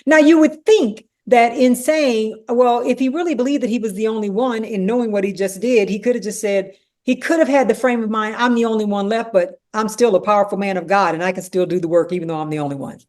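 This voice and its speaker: A woman leading a conversational Bible study, animated and acting out the dialogue, with frequent "you know" asides. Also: fairly high pitch, brisk, hardly any pauses.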